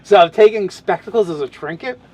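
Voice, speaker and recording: A man's voice: sits high, a little fast, a little mellow, slight background noise. A man in casual podcast chat, describing his tabletop game character, talking in loose, rambling sentences full of restarts and fillers.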